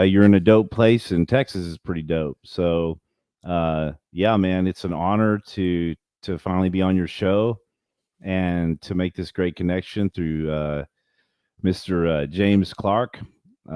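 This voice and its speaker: A man as a podcast guest at his home, telling long, rambling stories in an animated way. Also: deep voice, clean tone, dry recording. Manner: rambling storyteller, animated, acts out quotes. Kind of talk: casual interview.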